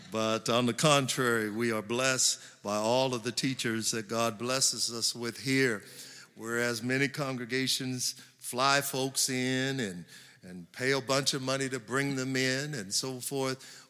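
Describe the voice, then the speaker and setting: A man pastor preaching a sermon, building to emphatic slow stresses. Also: mid-range voice, fairly even intonation, bright, forceful tone, smooth. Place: large church hall. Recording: long church hall reverb.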